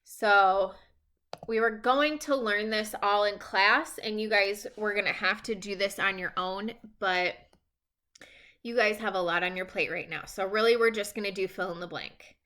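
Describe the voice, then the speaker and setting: A woman's voice: medium pitch, normal speed, sharp tone. A woman teacher recording casual, reassuring class instructions at home, checking in often with the students.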